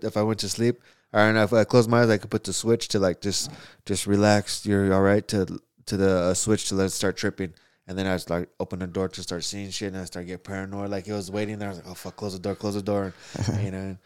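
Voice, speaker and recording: Fast-talking man telling a rambling story. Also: low voice, clean tone. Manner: profane, rambling storytelling with quoted asides. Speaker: storyteller in casual conversation. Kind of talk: casual chat.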